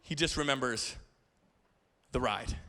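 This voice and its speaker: Speaking unhurriedly in a mid-range voice, a thirty-something pastor gives a sermon in a church auditorium. He tells animated stories, slipping in playful asides and stammered repetitions.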